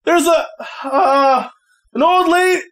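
A man voicing a dazed, scruffy young male housemate who halts and shouts up into the house. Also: extremely high pitch, slow pace, voice pushed up, full character voice. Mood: hollering.

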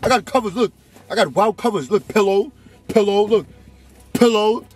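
High-voiced young man teasing in a car. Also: moderate pace, husky.

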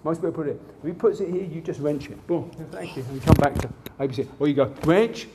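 A man's voice: a little high, fast talker, heavy background noise. A man instructing a martial arts seminar, demonstrating moves in punchy bursts and checking in with "yeah?" after each point.

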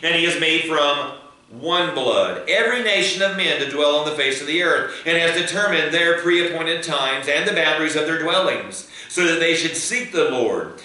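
A man's voice: a little high, pushed and bright. A man preaching a sermon as pastor, building emphasis and leading prayer. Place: church sanctuary. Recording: echoey church hall, mic at a distance.

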